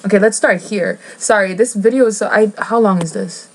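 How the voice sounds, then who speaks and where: A woman's voice: mid-range voice, brisk, low-quality recording. A woman vlogger chatting casually as she reads a book aloud, rambling, giggling and cutting herself off. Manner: rambling, giggly, self-interrupting. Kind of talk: casual chat while reading a book aloud.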